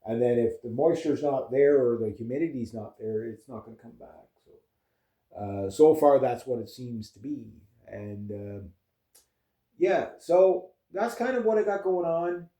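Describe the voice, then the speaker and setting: A man's voice: medium pitch, animated, measured pace, mellow. A man vlogging in a loose casual chat, rambling with lots of fillers and restarts. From Canada. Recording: echoey room.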